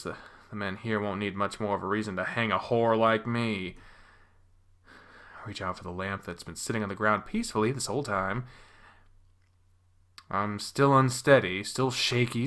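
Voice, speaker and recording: A man hosting a channel, reading a visual novel story aloud in the first person with expressive drama, from hushed near-whispers to loud panicked lines. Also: lowish voice, moderate pace.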